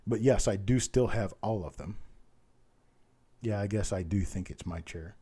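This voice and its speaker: A man hosting a live-streamed coin auction, calling bids quickly and chatting with viewers by name, his voice a little strained from talking. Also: lowish voice, warm tone, breathy edge. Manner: rattles off bid calls fast, chats with viewers by name.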